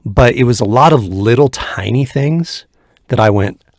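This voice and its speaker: A man from California co-hosting a podcast in casual chat, mostly chiming in with short agreements and relaxed anecdotes. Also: mid-range voice, normal speed, no echo, clean studio sound. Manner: brief agreeing interjections, relaxed storytelling. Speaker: podcast co-host.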